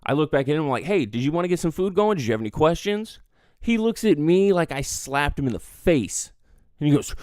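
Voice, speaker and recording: A man's voice: fairly high pitch, fairly quick, clear, resonant tone, dry recording, clean studio sound. A man telling a casual story about his job as a bartender, acting out the customers' lines with energy. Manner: animated, acts out customers' lines.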